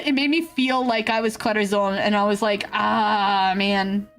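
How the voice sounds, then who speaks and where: A woman streamer chatting casually with viewers, rambling with fillers and laughs and swinging between excited yelps and low grumbles. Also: unhurried, few pauses. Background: faint background music.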